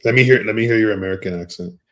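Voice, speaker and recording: A man's voice: fairly low pitch, rapid-fire. A man from Canada on a football chat panel, giving long, frank, opinionated takes. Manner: opinionated, frank, reasoning at length. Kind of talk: casual football chat show.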